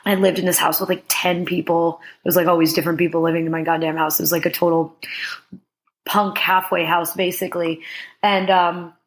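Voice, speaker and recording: A woman in her thirties, a podcast guest, telling a long casual story in an animated way, laughing often and filling her talk with "like.". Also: fairly low pitch, a little fast. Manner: animated, laughing, heavy use of "like".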